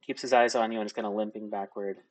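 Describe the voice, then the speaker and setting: A man's voice: lowish voice, little pitch movement, fast. A young man narrating as game master in casual, laugh-filled speech with many fillers.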